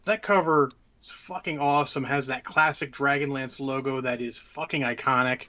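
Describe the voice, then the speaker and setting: A man's voice: mid-range voice, fairly even intonation, moderate pace, pushed and bright, muffled recording. A man co-hosting a tabletop gaming podcast, ranting bluntly and swearing a lot in casual chat. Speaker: podcast co-host.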